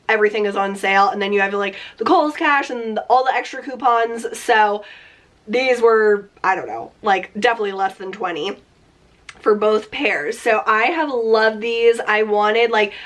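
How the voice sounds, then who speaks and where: A young woman in her late twenties talks through her beauty favorites in a relaxed, chatty vlog. Her slightly high voice sounds nasal and congested from a lingering cold. She keeps a friendly, rambling flow full of fillers. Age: 20s. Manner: chatty, upbeat, many fillers like "like". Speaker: beauty vlogger. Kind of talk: casual beauty favorites chat.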